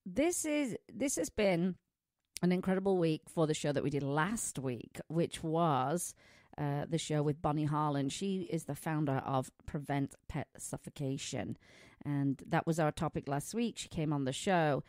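Middle-aged woman host with a foreign accent, low-pitched, chatty and laughing, close dry studio sound. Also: unhurried, a little mellow, dry recording. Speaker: pet radio show host. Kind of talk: casual radio chat. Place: small studio.

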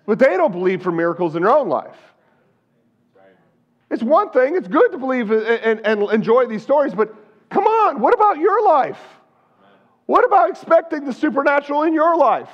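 A male pastor with a high-pitched voice delivers an emphatic sermon in a church sanctuary. He keeps calling out to the congregation for a response. The recording sounds dull and lo-fi. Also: very animated, moderate pace. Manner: emphatic, repeated calls of "Amen?" to the congregation.

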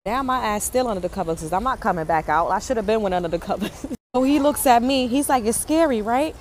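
A mother telling a story in a casual, animated way, full of swearing and drama. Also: medium pitch, quick pace, a little hiss or hum.

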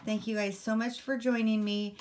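A woman's voice: mid-range voice, flat delivery, normal speed, darkish tone, a little hiss or hum. A woman chatting casually on camera at home, showing items one by one and rambling with lots of ums and apologies. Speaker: vlogger. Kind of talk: casual haul video chat.

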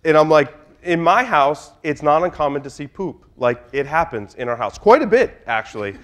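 A man's voice: a little high, lively intonation, normal speed. A middle-aged man giving a humorous conference talk in a room, telling anecdotes in a loose, chatty way. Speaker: conference speaker.

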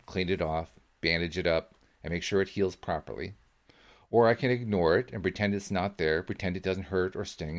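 A man reading the part of an older woman, a gentle, wise grandmother who calmly reassures a boy. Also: low-pitched. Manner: calm, patient, reassuring.

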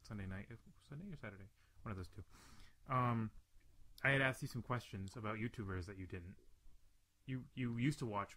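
A young man chatting on a casual podcast with his friends. He rambles through a story, cursing freely and restarting his sentences. His voice sits at an ordinary middle pitch. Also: fairly bright tone, no room sound. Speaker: podcast host. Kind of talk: casual chat.

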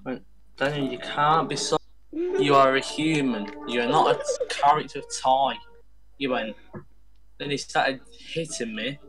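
A man's voice: mid-range voice, measured pace, a crowd in the background. A man chatting casually while gaming, rambling through a story and acting out the voices of the people in it. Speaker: gamer.

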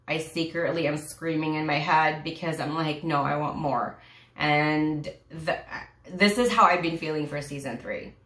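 A woman's voice: low-pitched, fairly bright tone. A woman vlogger reviewing a TV series in casual chat, rambling and gushing with sighs, many fillers and restarts, close to tears. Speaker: YouTube reviewer. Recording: echoey room.

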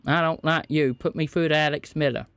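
A man's voice: on the high side, steady tone, brisk, fairly bright tone, no room sound. A man streaming a scam-bait phone call, feigning confusion and playing dumb with the caller. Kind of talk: prank call.

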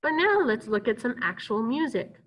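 A woman's voice: a little high, very animated, normal speed, fairly bright tone, rough recording. A woman teaching a recorded music lesson, cheerful, chanting rhythms and talking to pupils she cannot see. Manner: upbeat, chants rhythms and talks to unseen pupils.

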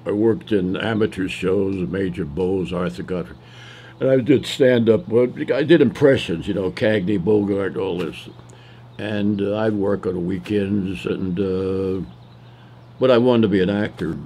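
An older actor from the South with a New York accent, telling stories from his career in a loose, rambling way with many pauses. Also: sits low, warm tone, a little hiss or hum. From Southern US, Tennessee. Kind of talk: reminiscing interview monologue.

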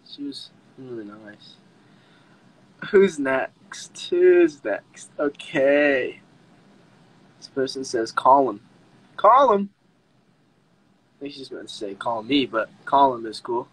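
A young man hosting a casual livestream with fans from home on a phone, chatty and excitable, often breaking into squeals and laughs. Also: medium pitch, slow, slightly rough, rough recording. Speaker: livestream host talking with fans.

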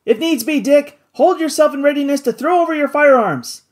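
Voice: sits high, brisk, voice pushed up, close to an everyday voice. A reader voicing a resolute Victorian doctor in an audiobook, speaking in a commanding, urgent way. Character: resolute Victorian doctor leading a balloon voyage. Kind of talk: audiobook character voice.

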